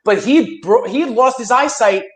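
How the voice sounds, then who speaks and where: A man hosting a casual movie review podcast, excitable and swearing, acting out lines from the films. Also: very high-pitched, moderate pace, reverberant. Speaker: podcast host.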